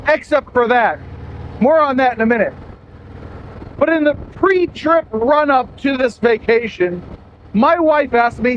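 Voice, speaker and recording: A man's voice: very high-pitched, a little slow, muffled recording, a little hiss or hum. A man talking casually through a helmet mic while riding a motorcycle on rural roads, rambling and poking fun at himself. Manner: rambling, self-mocking, chatty. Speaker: motovlogger.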